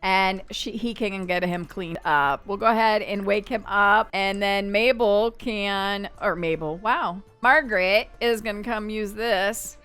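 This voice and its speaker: A woman narrating her life-simulation game in a chatty, expressive way, often scolding the characters. Her voice is bright, crisp and slightly high, with faint music underneath. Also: unhurried, hardly any pauses. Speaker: game streamer. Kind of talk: casual let's-play narration.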